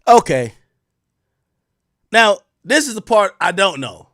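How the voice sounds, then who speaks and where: Young male host, high and very lively voice, slangy profane storyteller, dry close sound. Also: slow, long pauses, no echo. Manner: animated, profane, slangy, swings from loud exclaims to low asides. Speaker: show host. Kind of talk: casual storytelling to viewers.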